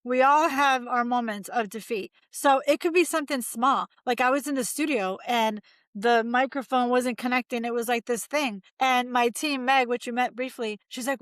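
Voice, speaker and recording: A woman's voice: high voice, moderate pace, a bit bright, no room sound. A woman in her forties, a mindset coach talking as a guest in an upbeat, emphatic, motivational way. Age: 40s. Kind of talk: casual interview chat.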